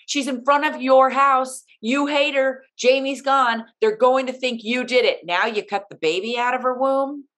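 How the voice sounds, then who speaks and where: Her voice sits high and is a bit bright, moving at a normal speed with hardly any pauses. As a podcast co-host recapping a TV episode in casual chat, she talks with animated indignation and performs her own reactions.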